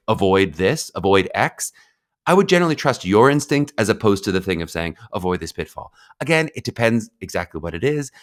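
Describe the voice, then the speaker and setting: A man with a fairly low voice hosts a solo podcast segment. He talks in a loose, conversational way, thinking aloud with small restarts. He keeps checking in with his listeners with a quick "right?". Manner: conversational, tags ideas with "right?". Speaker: podcast host.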